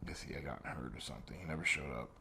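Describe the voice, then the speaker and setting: A man's voice: rapid-fire, bright, forceful tone. A man telling a long casual story as an interview guest, swearing freely and recounting old conversations. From New Jersey. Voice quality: deep and gravelly, swears freely. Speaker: interview guest, former wrestler. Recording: faint background noise.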